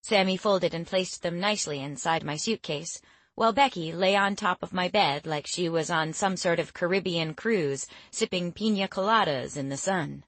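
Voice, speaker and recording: A woman reading an audiobook in steady, measured first-person narration. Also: on the low side, dry recording.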